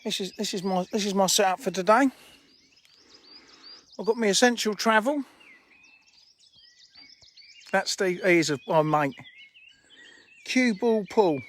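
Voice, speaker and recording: A man's voice: high-pitched, a little slow, long pauses, a bit bright. A man hosting a casual live stream outdoors by fishing lakes, joking and teasing his viewers and friends.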